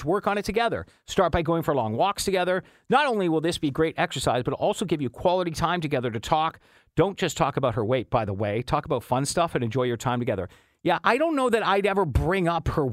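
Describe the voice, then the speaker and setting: Chatty radio host, slightly high. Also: male voice, no echo, studio quality. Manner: chatty and upbeat, laughs easily, frequent restarts. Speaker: radio morning show host. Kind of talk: casual radio chat, reading listener texts. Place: radio studio. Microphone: studio microphone.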